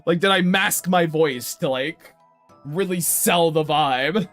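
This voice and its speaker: A young man streaming, chatting casually with his viewers in an animated, playful, mock-indignant way. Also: on the high side, slow, faint music behind.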